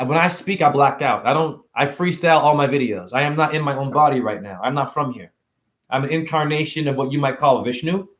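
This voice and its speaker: A middle-aged man with a fairly high voice delivers a profane, lecturing freestyle rant as a self-styled spiritual teacher. He is confrontational and talks straight at the listener. The room around him is echoey.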